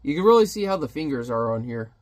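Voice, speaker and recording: A man's voice: mid-range voice, very animated, fast. A man giving a casual comic review, narrating panels animatedly and throwing in sound effects.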